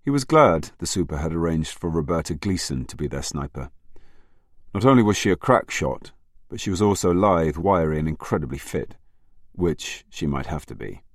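A man narrating a crime novel audiobook in a measured, steady storytelling manner. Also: low voice, no echo, clean studio sound. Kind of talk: scripted narration.

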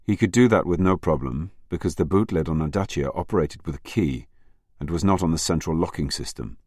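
Super deep male narrator reading a crime novel, dry close mic. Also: a little fast, darkish tone, dry recording. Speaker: audiobook narrator. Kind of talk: scripted narration.

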